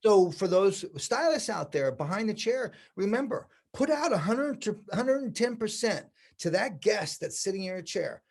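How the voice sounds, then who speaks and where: A man in his sixties with a fairly high voice tells stories from his career in a relaxed interview. He is animated and acts out the remarks of people he quotes. He sounds like a practiced teacher speaking to other stylists. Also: normal speed, hardly any pauses. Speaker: hairdressing educator, guest. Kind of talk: casual interview storytelling.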